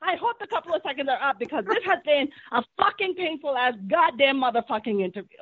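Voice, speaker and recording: Angry immigrant woman comedian cursing nonstop, really high voice swinging all over, tinny dry phone line. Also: expressive, quick pace, no echo. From born in a third-world country, immigrant to the US. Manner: angry, profane, shouting over the host. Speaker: guest comedian. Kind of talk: heated argument.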